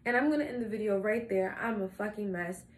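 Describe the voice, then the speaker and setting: A woman's voice: mid-range voice, fast talker. Candid young woman vlogging in an echoey room. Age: young adult. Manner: candid, blunt and swearing; animated storytelling, acting out her own quotes. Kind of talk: casual confessional vlog. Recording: echoey room with faint ambient noise.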